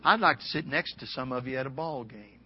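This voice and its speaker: A man preaching a revival sermon in a folksy, storytelling way, rising to loud peaks and dropping to a hush. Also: medium pitch, brisk. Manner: swings from loud shouting peaks to hushed near-whisper. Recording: dull lo-fi recording.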